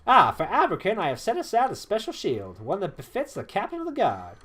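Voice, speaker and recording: A gruff old weapon master with a drawling Southern accent, as a man reads him out in a game playthrough. He grumbles, boasts of old battles and calls the hero lad. His pitch swings widely as he tells his stories. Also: wildly swooping pitch, brisk, fairly bright tone, exaggerated voice. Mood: formal. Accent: Southern US, put on.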